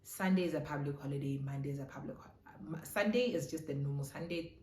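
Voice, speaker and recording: A young South African woman telling a casual storytime, animated and switching between English and isiZulu. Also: sits low, fast. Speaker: vlogger. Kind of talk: storytime chat. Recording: roomy echo.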